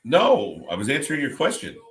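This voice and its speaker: A man's voice: mid-range voice, wildly swooping pitch, fairly quick. A Canadian man co-hosting a live watch party, rambling in casual chat and reading comments aloud.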